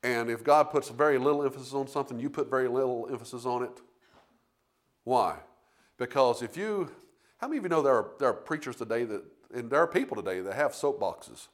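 A man's voice: mid-range voice, expressive, fairly quick. A man preaching a sermon, rambling through restarts and then building to emphatic points.

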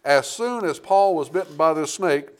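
A male pastor delivering a sermon, swinging between quiet earnest stretches and loud, dramatic bursts where he acts out voices. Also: on the high side, expressive, moderate pace, clean tone. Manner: emphatic preaching with rising bursts and dramatic quoted voices.

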